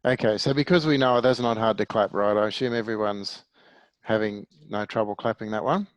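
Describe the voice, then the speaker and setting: A man's voice: lowish voice, fairly even intonation, brisk, smooth, no room sound, low-quality recording. A middle-aged man teaching music theory in a patient, explanatory way, often putting questions to his class. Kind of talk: online music theory lesson.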